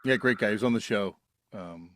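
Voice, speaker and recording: Low-voiced podcast host musing aloud. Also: male voice, brisk, fairly bright tone, no echo, studio quality. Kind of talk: casual interview.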